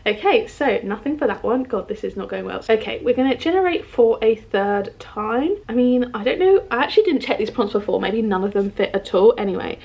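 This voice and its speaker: This twenty-something British book vlogger talks to camera from a room at home, a bookshelf behind her. Her fairly high voice is expressive and fairly quick with few pauses, and she's bubbly, chatty, and leans heavily on "like" and "um." The audio sounds dull.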